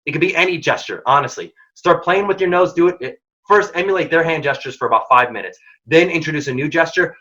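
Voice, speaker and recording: A man's voice: fairly high pitch, fast talker, bright, forceful tone, dull audio. A man hosting a career workshop, giving direct, emphatic advice in short punchy lines. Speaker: program founder and workshop host.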